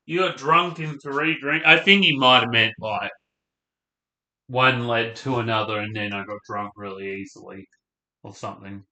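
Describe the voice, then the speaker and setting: A man's voice: medium pitch, moderate pace, bright, forceful tone. Rambling young man reacting, echoey room. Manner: rambling, trailing off, talking with mouth full. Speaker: reaction video host. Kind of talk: casual chat.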